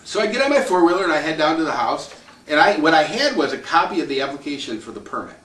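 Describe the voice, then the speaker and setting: A landowner telling a long personal story in a casual, rambling way, chuckling and acting out what other people said. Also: male voice, on the high side, very animated, fast, a bit bright. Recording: roomy echo, distant mic, faint noise.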